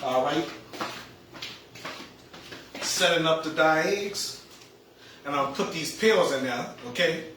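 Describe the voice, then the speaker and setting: A man talks casually to his livestream viewers, tripping over and repeating his words and chuckling often. His voice sits a little high. The camera mic picks him up in an echoey room at home. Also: takes it slowly, long pauses, pushed and bright, a little hiss or hum. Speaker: livestream host.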